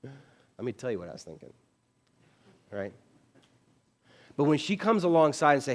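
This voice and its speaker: A man's voice: medium pitch, brisk, long pauses, long reverb tail. A man preaching a casual, conversational sermon as pastor, acting out bits of everyday dialogue. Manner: chatty, animated, acts out quoted dialogue. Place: church sanctuary.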